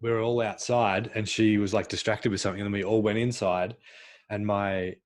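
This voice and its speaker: Halting male podcast host. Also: fairly low pitch, fairly even intonation. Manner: halting, frequent fillers and restarts. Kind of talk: casual podcast conversation.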